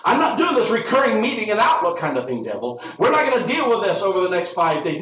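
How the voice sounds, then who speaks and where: A male pastor preaching a sermon, animated and calling on his congregation, sometimes shouting. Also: high-pitched, quick pace, few pauses. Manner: shouting at peaks. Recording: roomy hall sound from far off.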